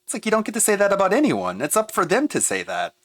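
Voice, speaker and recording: Male streamer, lively swooping pitch, dry close sound, laughs and swears, exasperated. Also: fast, no echo. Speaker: streamer reacting to a video. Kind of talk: casual reaction commentary.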